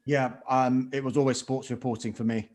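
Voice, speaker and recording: A man's voice: mid-range voice, level tone, fairly quick, a little mellow. A man, a sports reporter on a panel, answering reflectively and trailing off at the ends of his lines. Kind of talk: panel discussion.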